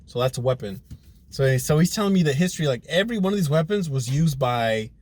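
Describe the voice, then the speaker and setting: A man's voice: fairly high pitch, expressive, quick pace, darkish tone. A man hosting a casual podcast, trading rambling stories and cusswords. He talks in a loose, easygoing way and breaks into laughter often. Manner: loose storyteller, swears a lot, laughs easily. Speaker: podcast co-host. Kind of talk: casual chat.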